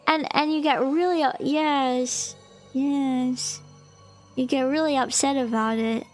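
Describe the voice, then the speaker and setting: High-pitched giggly woman streamer. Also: fairly even intonation, takes it slowly, a little mellow, soft background music. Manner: giggly, chatty, frequent fillers, bursts of squeaky disbelief. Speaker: VTuber streamer. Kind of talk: casual live-stream chat, reading aloud and reacting.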